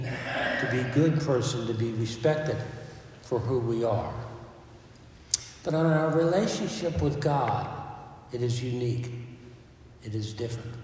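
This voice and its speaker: A man preaches to his congregation in an easy, conversational way, full of asides and restarts. His voice is warm and mellow, with a middling pitch. He is heard from far off, and his voice rings with a long reverb through the church. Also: a little hiss or hum. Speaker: priest. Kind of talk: sermon.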